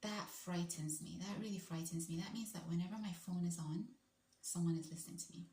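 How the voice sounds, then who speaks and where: A woman vlogger chatting casually to her viewers, often dropping into hushed whispered asides. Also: on the low side, fairly even intonation, fairly quick. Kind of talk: casual reaction chat. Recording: roomy room with faint background noise.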